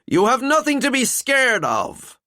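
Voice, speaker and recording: A male narrator voicing a living skeleton detective who talks in a wry, chatty, calm way. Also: mid-range voice, a little slow, no room sound, clean studio sound, pitched above the performer's own voice, heavily acted. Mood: reassuring.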